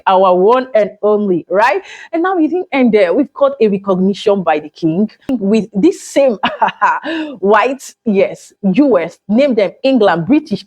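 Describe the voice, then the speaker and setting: A woman, chatting excitedly and emotionally to her viewers in a vlog. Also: mid-range voice, dry recording, rough recording. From Nigeria. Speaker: vlogger. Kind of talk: casual vlog chat.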